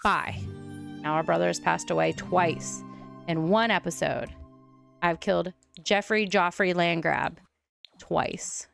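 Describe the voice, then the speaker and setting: A woman streamer giving casual, excitable gameplay commentary, thinking out loud as she plays. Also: on the low side, slow, vocal fry, soft background music. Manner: chatty, excitable, thinks aloud. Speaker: streamer playing a life-sim game.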